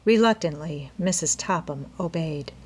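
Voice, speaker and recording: A woman narrating a classic mystery novel as an audiobook reader, in an even storytelling manner. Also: deep voice, moderate pace, breathy edge. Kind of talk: scripted narration.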